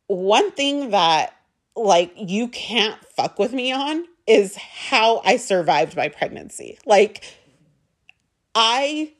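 Emotional young woman telling her story. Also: mid-range voice. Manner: emotional, emphatic, swears, repeats for stress. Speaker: mother telling a personal story. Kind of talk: storytime monologue.

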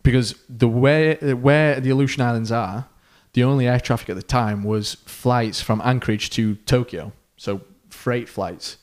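A man on a podcast, spinning a story in a relaxed, chatty way. He acts out each person's lines with lively swings in pitch and loudness, and he fills the pauses with ums and uhs. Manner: animated storyteller who acts out quoted voices, with fillers. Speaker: podcast co-host. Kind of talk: casual storytelling.

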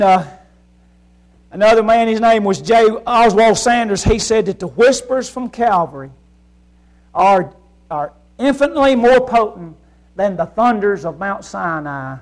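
A man preaching a sermon, rising to shouts and then dropping to a hush, asking his congregation one question after another. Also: sits high, a little slow, poor audio. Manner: fervent, swinging from loud shouting to hushed quiet; asks the congregation rhetorical questions.

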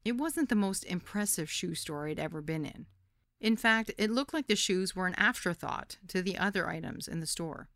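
A woman hosting a podcast reads her own memoir in a candid, lively storytelling manner. Her voice sits low, and the recording is dry and close with no room sound. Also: normal speed, dry recording. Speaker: podcast host. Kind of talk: first-person memoir narration.

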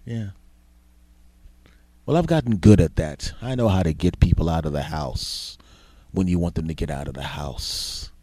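A man's voice: low voice, animated, normal speed, pauses often, warm tone, husky, no room sound. A man hosting a podcast, telling a rambling, crude comedic monologue full of exaggerated tangents. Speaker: podcast host.

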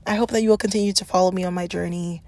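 A woman's voice: on the low side, rapid-fire, dry recording. A woman, hosting her own solo podcast in a candid, rambling way. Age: 20s. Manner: animated, rambling, with bursts of laughter and self-talk. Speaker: podcast host.

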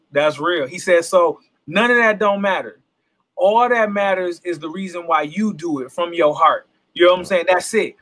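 Earnest high-voiced man, reflective. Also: a bit bright. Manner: earnest, reflective, preaching-like emphasis. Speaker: independent hip hop artist, guest. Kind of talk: casual interview talk.

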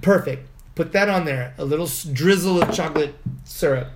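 A woman's voice: low-pitched, brisk, background noise. A woman co-hosting a podcast, telling a rambling story with frequent laughter and salty slang. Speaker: podcast co-host. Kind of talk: casual storytelling chat.

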